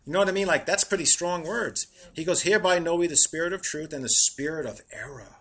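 Male preacher, middle-aged, husky edge, bright tone, slows down to read verses. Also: a little high. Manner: animated, laughing at his own jokes, slowing to read verses. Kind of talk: sermon.

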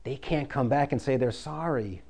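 A man's voice: mid-range voice, moderate pace, vocal fry, darkish tone. A man preaching a sermon, folksy and conversational, reading scripture and pressing his listeners with urgent emphasis.

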